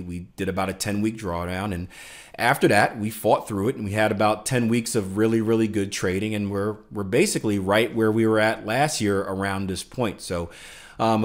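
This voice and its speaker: A man with a lowish voice runs through his trading results and plugs his program in an easygoing, chatty way. He restarts phrases often and leans on fillers, keeping a cheerful, upbeat tone throughout. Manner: upbeat self-promoting pitch. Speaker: forex trader and video host. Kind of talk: casual market commentary and sign-off.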